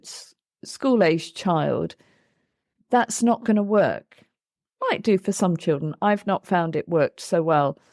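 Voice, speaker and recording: A woman's voice: medium pitch, a little mellow, no room sound. An earnest woman talking as a therapist on a podcast, walking through her approach step by step. Her voice sits in a middle register and is recorded very dry and close, with no room sound around it. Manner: earnest, explains with acted examples of what she says to children. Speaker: play therapist, podcast co-host. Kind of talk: reflective podcast conversation.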